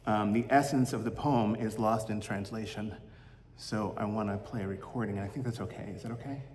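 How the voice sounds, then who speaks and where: A man giving a Sunday reflection as minister, gentle and halting, fond of corny puns. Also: lowish voice, steady tone, background noise. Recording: roomy echo with long hall reverb, faint ambience.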